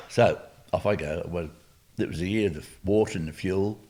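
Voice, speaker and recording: Deep-voiced older Englishman telling stories. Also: normal speed. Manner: rambling, humorous storyteller with asides and coughs. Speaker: guest. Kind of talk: anecdotal storytelling.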